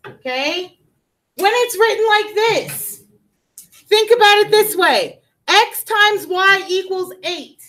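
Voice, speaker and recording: A woman's voice: extremely high pitch, animated, takes it slowly, fairly bright tone, low-quality recording. A woman teaching a math class in a classroom, explaining step by step and checking in with her students.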